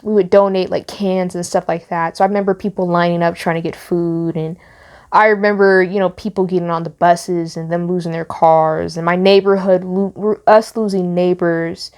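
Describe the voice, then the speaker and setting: A woman's voice: on the low side, steady tone, normal speed, a little mellow. A young woman vlogger giving heartfelt, rambling commentary on the news. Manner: emotional, rambling with restarts. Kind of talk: casual commentary.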